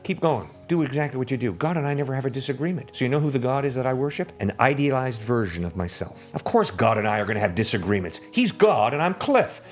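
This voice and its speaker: A man, a guest preacher, explaining prayer in an emphatic, deliberate way during a podcast conversation. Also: medium pitch, animated, a little hiss or hum. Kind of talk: teaching on prayer in a podcast chat.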